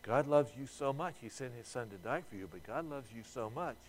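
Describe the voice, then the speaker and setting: A man's voice: mid-range voice, animated, fairly quick, slight background noise. A man preaching a sermon to a congregation in a conversational way, asking them rhetorical questions and repeating words as he restarts. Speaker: pastor.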